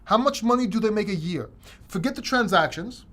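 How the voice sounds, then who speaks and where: Male host, high voice, loose rambling livestream Q&A delivery with lots of restarts. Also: lively intonation, fairly quick, a bit bright. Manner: casual, rambling, frequent restarts. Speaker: crypto channel host.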